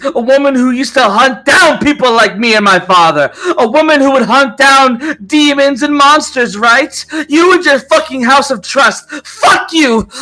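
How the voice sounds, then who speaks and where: A man's voice: pushed and bright, heavily acted. A man voicing a spiteful young woman villain who screams curses in a tabletop game. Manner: shrill, furious, cursing.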